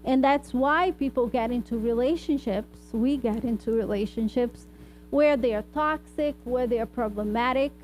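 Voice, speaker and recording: A woman's voice: a little high, moderate pace, darkish tone, soft background music, rough recording. A woman speaker and therapist giving an informal spiritual talk, addressing the audience with frequent asides and rhetorical "right?" questions. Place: hall of a spiritist society.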